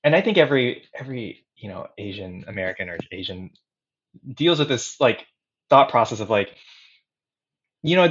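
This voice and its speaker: A man's voice: lowish voice, sing-song, moderate pace, pauses often, fairly bright tone, dull audio. A man telling a story on a podcast as a guest, laughing here and there as he talks. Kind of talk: casual conversation.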